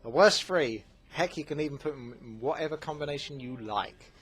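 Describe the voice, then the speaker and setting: Answering his audience's questions in casual commentary, a male gaming host chats freely with many fillers and brief asides. He has a fairly high pitch and a fairly bright, slightly rough tone.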